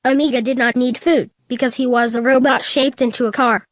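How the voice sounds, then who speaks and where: A woman narrates a fan story in a flat, matter-of-fact reading. Her voice sits a little high, and the recording is dry and close. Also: fairly quick, no room sound.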